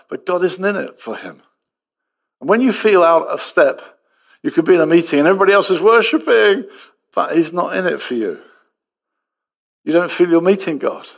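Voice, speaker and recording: Guy preaching, gravelly husky voice, acts out the bits of dialogue then goes real soft. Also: a little high. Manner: animated storytelling, acting out dialogue, dropping to soft tones. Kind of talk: sermon.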